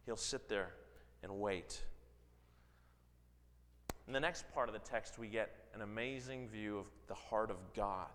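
A man preaching a sermon, dramatic, swinging from loud emphasis to low, quiet stretches. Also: a little slow, long pauses, slight background noise. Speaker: pastor. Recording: long hall reverb.

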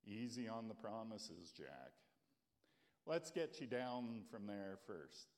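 A man voicing God as a calm, patient figure, speaking low and quiet. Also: slow.

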